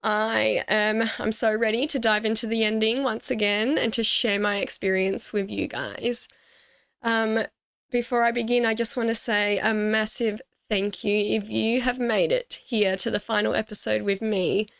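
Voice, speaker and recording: A woman's voice: fairly high pitch, fairly even intonation, moderate pace, creaky, dry recording, clean studio sound. A woman hosting her gaming channel, talking to camera in a heartfelt, casual way, teary and grateful. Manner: emotional, teary, grateful, with soft laughs.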